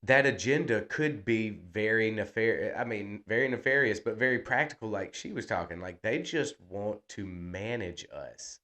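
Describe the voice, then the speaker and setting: A man's voice: on the low side, lively intonation, normal speed, hardly any pauses, bright, forceful tone. A man, co-hosting a casual podcast in a laid-back, jokey manner. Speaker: podcast co-host.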